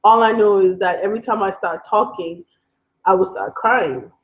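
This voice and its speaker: Speaking at a normal speed in a mid-range voice, this African vlogger, a young adult woman, shares a personal story in a candid, chatty way that drifts and keeps correcting itself. The recording is rough.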